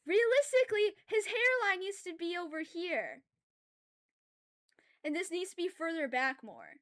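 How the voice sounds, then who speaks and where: A woman's voice: very high-pitched, unhurried. A woman streaming while she draws, chatting casually with her viewers. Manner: loud, animated ranting, then quiet and apologetic; chatty and self-aware, with filler words and laughs. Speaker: drawing streamer. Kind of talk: casual livestream chat while drawing.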